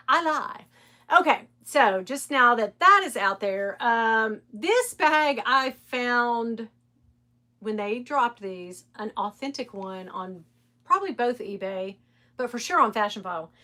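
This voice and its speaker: A chatty middle-aged woman hosts a live stream in a bright, forceful, slightly high voice. She speaks candidly and swears freely, laughing often as she talks straight to her viewers. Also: lively intonation, slow. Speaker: live stream host reselling designer bags. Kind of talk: casual live stream chat.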